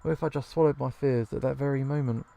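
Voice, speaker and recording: A man reading as an anxious, bitter bartender woman from a video game, halting and hesitant. The voice is dark and gravelly, with faint game music underneath. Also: medium pitch, steady tone, lightly acted. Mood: regretful. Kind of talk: reading game dialogue aloud.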